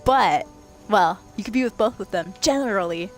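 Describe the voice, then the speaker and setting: A woman's voice: mid-range voice, animated, normal speed, soft background music. A young adult woman streaming a video game late at night, chatting and giggling with her viewers as she plays. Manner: chatty and giggly, talking to chat while playing. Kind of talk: casual late-night gaming livestream chat.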